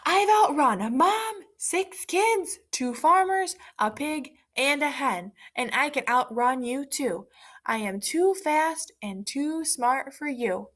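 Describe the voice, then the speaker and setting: A woman voicing a boastful runaway male pancake who shouts his brags in a storybook read-aloud. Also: a little high, a little slow. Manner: shouting, bragging.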